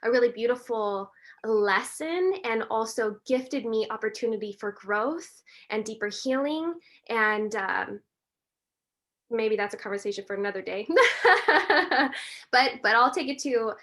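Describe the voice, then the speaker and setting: Earnest woman with a high voice. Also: moderate pace. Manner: earnest, heartfelt, gently spiritual. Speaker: podcast guest, breathwork and meditation teacher. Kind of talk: reflective conversational talk.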